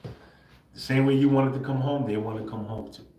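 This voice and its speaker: A man's voice: medium pitch, steady tone, normal speed, dark tone. Laid-back man talking to his viewers. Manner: talks to viewers with frequent "bro" and "right?", laughs often; swears casually. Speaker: livestream host. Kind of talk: casual livestream monologue. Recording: roomy echo.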